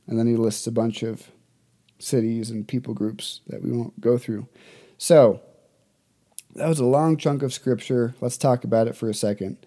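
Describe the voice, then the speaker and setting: Male Bible teacher, relaxed casual delivery, soft dark tone, chatty with fillers. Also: mid-range voice, normal speed. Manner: conversational, loose fillers, reads scripture then explains.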